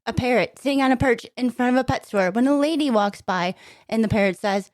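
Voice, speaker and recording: A woman's voice: a little high, fairly quick, a little mellow, dry recording, clean studio sound. A woman co-hosting a podcast, telling jokes casually and getting flustered and laughing at her own slip-ups. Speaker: podcast co-host.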